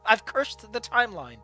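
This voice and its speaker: A streamer chatting casually over a game, cursing and laughing in excitable outbursts, with faint music behind. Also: mid-range voice. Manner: profane, giggly, excitable outbursts. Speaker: let's play streamer. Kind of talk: casual game commentary and reading aloud.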